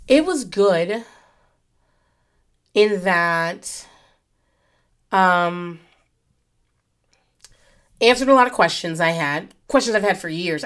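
A woman's voice: medium pitch, fairly bright tone. Rambling, profane woman podcaster. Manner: rambling, profane, goes off on tangents. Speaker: podcast host. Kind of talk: casual solo podcast rant. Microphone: podcast microphone.

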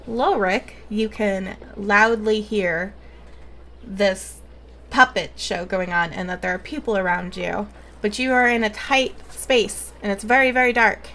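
A woman's voice: mid-range voice, normal speed, a bit bright, a little hiss or hum. A woman running a tabletop game as game master, casual and a bit hesitant.

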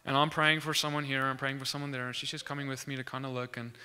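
A man telling a faith testimony as animated storytelling, acting out the lines of the people in it. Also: medium pitch, fast, clean tone. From South Africa.

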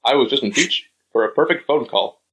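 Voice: mid-range voice, animated, fairly quick, a bit bright, low-quality recording. A podcast co-host doing a boastful impression of an older male politician, repeating set phrases. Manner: boastful, repeats "let me be clear".

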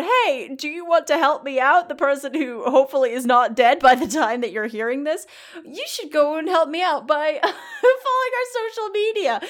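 An excitable woman, hosting a casual podcast and joking as she talks. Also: high-pitched. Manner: excitable, jokey, trails off and restarts. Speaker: podcast host. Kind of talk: casual chat.

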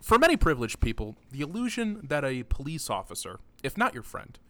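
A man's voice: fairly high pitch, very animated, a little fast, a bit bright. A man hosting a casual podcast, rambling and joking, often laughing between points. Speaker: podcast host.

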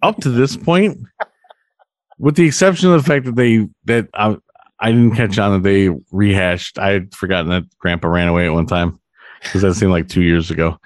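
A man co-hosting a podcast, chatting about a sitcom episode with expressive, jokey asides. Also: low-pitched, moderate pace, no room sound. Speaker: podcast co-host. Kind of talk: casual recap chat.

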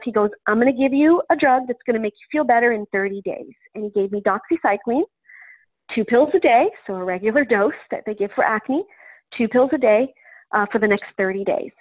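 A woman's voice: on the high side, brisk, dry recording. A woman guest in an interview, recounting a personal story in a chatty way with frequent "um" fillers. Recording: tinny phone-line sound, dry.

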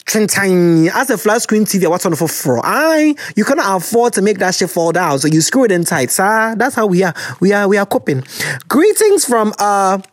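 Lively Ghanaian woman hosting an advice show. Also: mid-range voice, no room sound. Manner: animated and teasing, mixing slang and local words. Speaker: advice podcast host reading listener letters. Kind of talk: casual chat.

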